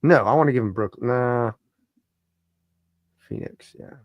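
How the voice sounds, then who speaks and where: A man's voice: medium pitch, a little slow, dry recording, highs cut off. A man co-hosting a casual sports talk stream, thinking aloud and trailing off as he works through trades. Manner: thinking aloud while running a trade simulator, trailing off and mumbling. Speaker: podcast co-host. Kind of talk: casual chat.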